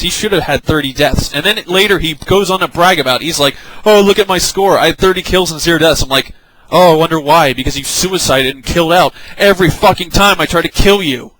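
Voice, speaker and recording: Young guy raging about gamers, high bright voice, swears a lot, super dry close mic. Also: no room sound, low-quality recording. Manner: loud, exasperated and sarcastic, swearing often. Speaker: gaming vlogger. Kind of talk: angry gaming rant.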